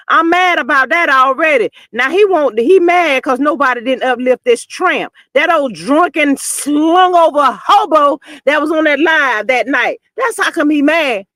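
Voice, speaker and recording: A woman hosting a casual gossip livestream, reading the chat and talking bluntly and sassily, with loud outbursts and low mutters. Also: lively intonation, measured pace, dry recording. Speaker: livestream host.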